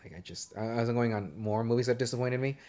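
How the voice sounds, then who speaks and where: A man's voice: medium pitch, fast, a little mellow, slight background noise. A young man co-hosting a movie podcast, rambling and swearing casually as he trails off and restarts his sentences. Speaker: podcast co-host.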